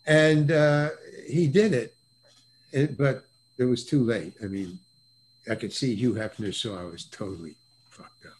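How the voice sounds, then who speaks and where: In a casual chat over a video call, an older male guest actor tells anecdotes, stammering and restarting and doing animated voices for the people he quotes. His voice is mid-range and a little slow.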